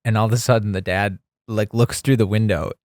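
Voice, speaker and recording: A man on a podcast, telling a childhood story with lively energy and laughing at the funny parts. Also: on the low side, fairly quick, dry recording, clean studio sound. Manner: animated storyteller, laughs through the punchlines. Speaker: podcast co-host. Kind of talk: casual storytelling chat. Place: studio.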